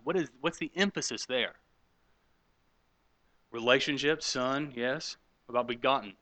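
Leading a class, a middle-aged pastor preaches in a conversational teaching style, putting questions to the audience and replying to what they say. His mid-range voice is bright and forceful, captured in a dry, poor-quality recording.

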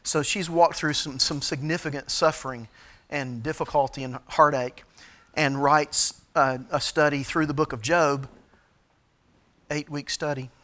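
This middle-aged man, a pastor, teaches in a sermon-like style, stumbling through fillers and frequent restarts. His pitch is a little high, and his tone is steady and fairly bright.

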